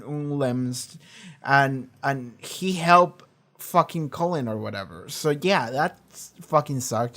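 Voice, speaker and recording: A man giving casual, animated reaction commentary from a home streaming setup, swearing often and restarting his sentences as he rambles. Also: on the high side.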